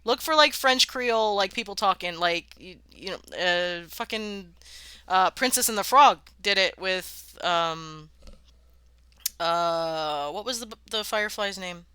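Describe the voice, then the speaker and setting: Woman streamer, unhurried delivery, talky, cursing and laughing, dry sound. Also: medium pitch, bright, forceful tone, clear, resonant tone, no echo. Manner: chatty, swears freely, laughs often, sounds out words. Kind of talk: casual live-stream chat while worldbuilding.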